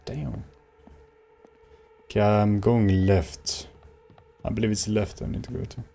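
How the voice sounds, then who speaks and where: A man doing let's play commentary, reacting excitedly to a game as he plays. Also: fairly low pitch, slow, vocal fry, faint music behind. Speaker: gamer.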